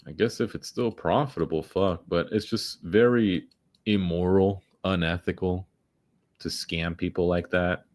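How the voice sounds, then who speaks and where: Man, somewhat low voice, blunt and profane, grumbling casual trading commentary. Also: darkish tone. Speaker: day-trading streamer.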